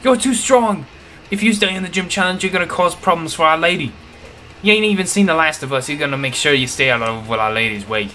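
A man's voice: on the high side, animated, brisk, pushed and bright, slight background noise. A man putting on a cocky gang grunt with a fake Aussie twang. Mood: taunting. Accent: put-on Australian-ish accent. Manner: taunting, swaggering. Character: rowdy young male gang grunt, cocky.

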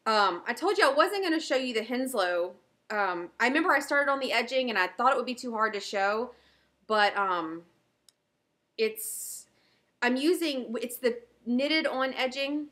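On her knitting video podcast, a woman from the Southern US talks at a moderate pace in a fairly high, animated voice that sounds pushed and bright. It's a casual show-and-tell about her projects, eager and full of fillers.

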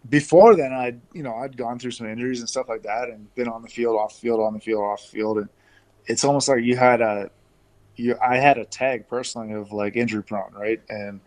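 A man from Canada telling stories as an interview guest over a video call, relaxed and chatty with lots of fillers and restarts. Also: medium pitch, fairly quick. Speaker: interview guest, former pro baseball player.

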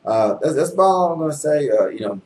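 A man's voice: fairly high pitch, lively intonation, fast talker, darkish tone, slight background noise, poor audio. A man talking straight to his viewers, building an emphatic argument about scripture with rhetorical questions and a frequent "okay?". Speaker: video channel host. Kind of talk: argumentative religious monologue to camera.

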